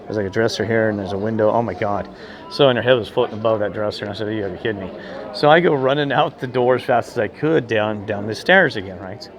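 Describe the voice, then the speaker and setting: A man telling a rambling, excitable story in casual chat, gesturing as he talks outdoors. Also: lowish voice, fast talker, over music. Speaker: vlogger telling a ghost story.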